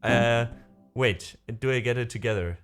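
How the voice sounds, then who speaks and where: A man's voice: lowish voice, unhurried, soft background music. Man chatting casually on stream. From Germany. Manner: rambling, hesitant, many fillers. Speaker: livestream host. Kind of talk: casual chat with viewers. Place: home room.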